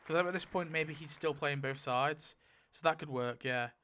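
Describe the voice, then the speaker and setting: A man in casual, rambling commentary while spinning a wheel to rewrite a story, getting excited at results and briefly quoting characters. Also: fairly high pitch, normal speed, slight background noise. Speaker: YouTuber.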